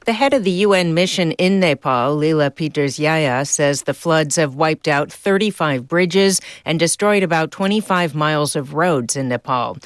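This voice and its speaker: A woman files a radio news report, clear and even. The recording is dry and close. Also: sits low, normal speed, few pauses, no room sound.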